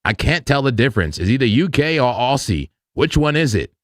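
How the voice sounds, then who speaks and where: A man hosts a live crypto trading stream in a casual, excitable way, often repeating himself and breaking into loud laughs. His pitch swings widely from low mutters to high outbursts. The sound is dry and close, with no room around him. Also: a little fast, dry recording.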